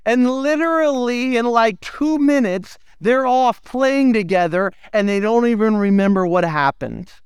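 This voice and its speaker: A man, preaching a sermon in an animated, playful storytelling way. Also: very high voice, measured pace, hardly any pauses, smooth, no echo, studio quality. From United States. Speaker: pastor.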